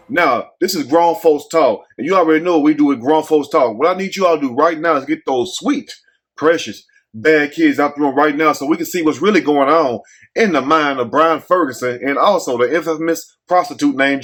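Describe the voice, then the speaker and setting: A man's voice: fairly high pitch, moderate pace, fairly bright tone. Blunt, joking man hosting a commentary show. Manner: blunt, joking, rhetorical questions to the audience. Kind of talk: casual storytelling commentary.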